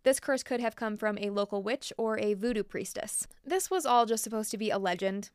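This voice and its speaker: A woman's voice: on the high side, clear, resonant tone, no echo, clean studio sound. A woman hosting a podcast, telling spooky legends with chatty, playful asides. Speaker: podcast host. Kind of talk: storytelling podcast.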